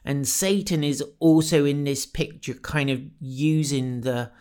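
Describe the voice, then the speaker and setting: A man's voice: a little high, a little slow, darkish tone, clear, resonant tone. A man giving a reflective devotional talk on a Bible passage, retelling the scenes in the voices of the people in it. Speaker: preacher.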